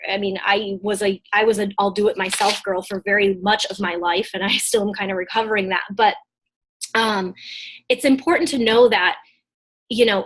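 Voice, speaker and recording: This business coach has a mid-range, fairly bright voice. She tells a personal story in a live motivational talk held over a video call, keeping it chatty and casual with plenty of fillers and restarts.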